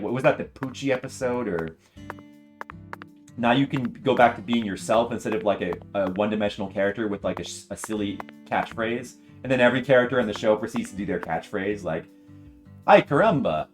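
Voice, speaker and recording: A man's voice: lowish voice, brisk. A man streaming a video game, chatting casually and enthusiastically with many fillers and restarts, and faint guitar music behind him. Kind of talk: casual commentary while playing.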